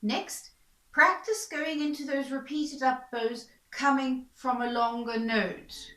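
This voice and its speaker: A woman violin teacher explaining bowing technique in a calm, patient, step-by-step way. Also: sits high, slow pace, a little hiss or hum. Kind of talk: instructional explanation. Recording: echoey room. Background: violin playing between explanations.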